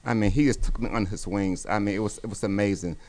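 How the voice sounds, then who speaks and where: A man's voice: on the low side, steady tone, darkish tone. A man who once played pro basketball, talking casually as an interview guest and repeating his words. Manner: repeats himself, quick laughs, agreeable.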